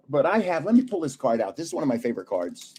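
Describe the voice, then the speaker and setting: An older man hosting a trading card live stream, telling stories in an animated way, laughing often and chatting with viewers. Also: a little high, husky. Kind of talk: casual live-stream chat and storytelling.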